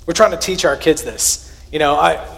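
A man, preaching a sermon. He talks to his congregation in a conversational, earnest way, with a slightly high voice that jumps up for emphasis and drops for quiet asides. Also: expressive, normal speed, gravelly. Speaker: pastor.

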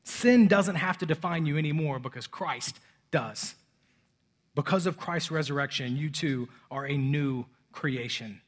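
A man in his thirties preaching a sermon, swinging between loud urgency and soft, hushed moments. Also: a little high, a little slow. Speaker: pastor.

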